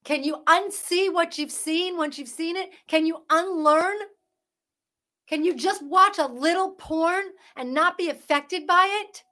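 A woman podcast host with a high, bright voice delivers fervent Christian commentary at an unhurried pace, speaking as a parent. She drives her points home with rhetorical questions and urgent calls to wake up, swinging from loud emphasis to hushed asides.

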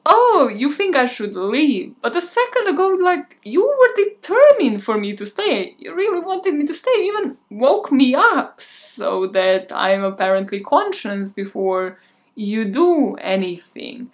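A woman's voice: sits high, big pitch swings, measured pace. A woman voicing a cold, vengeful young woman who speaks in a cutting, sarcastic way.

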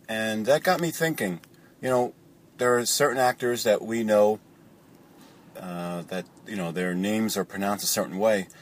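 A man's voice: deep voice, a little hiss or hum. A man calling in with a rambling, casual question, trailing off with fillers. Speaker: caller. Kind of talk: recorded voicemail question.

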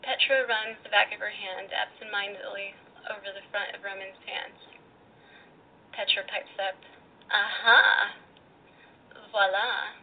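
Woman reading a story over a phone line. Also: medium pitch. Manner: expressive, teasing. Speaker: caller reading her story. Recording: tinny phone line, faint noise.

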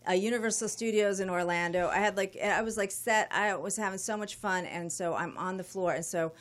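A middle-aged woman guest telling a story casually, profane and animated, often laughing. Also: mid-range voice, brisk.

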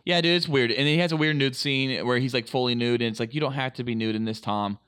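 A man co-hosting a casual podcast, excitable and rambling, swearing often. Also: medium pitch, fast talker, clean tone. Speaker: podcast co-host.

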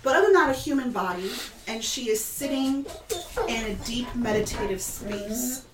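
A woman's voice: fairly high pitch, animated, moderate pace, reverberant, a little hiss or hum, rough recording. A woman narrating a tabletop game as game master, describing scenes at length with loose fillers.

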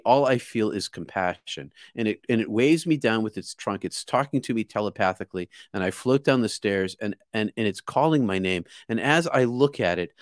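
A man from outside Boston tells a story aloud in an earnest, vivid way, often repeating and restarting his words. His voice sits fairly low. The sound is dry, with no room echo. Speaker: guest. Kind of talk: casual spoken storytelling.

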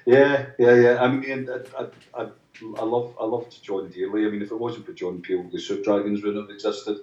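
A man's voice: fairly low pitch, fairly even intonation, moderate pace, a little mellow. A musician guest in a chatty interview, telling long anecdotes with many restarts and acting out the voices of people he quotes. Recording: roomy, distant, dull sound.

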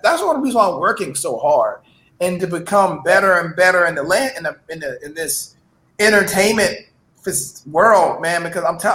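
A man's voice: high voice, fairly bright tone. A man in the entertainment world chatting on a podcast, laid-back and brash, swearing freely. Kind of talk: casual chat. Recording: echoey room.

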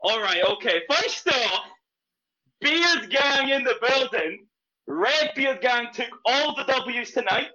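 Scottish man, casual live-stream banter, high pitched, slow talker. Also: lively intonation, muffled recording. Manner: laughing, swearing, loud. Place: home room.

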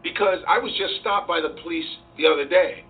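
A man being interviewed as a comedian, talking in an animated, profane way and acting out voices as he goes. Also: on the high side, brisk. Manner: profane, acts out voices and quotes. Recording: distant tinny sound with faint hiss.

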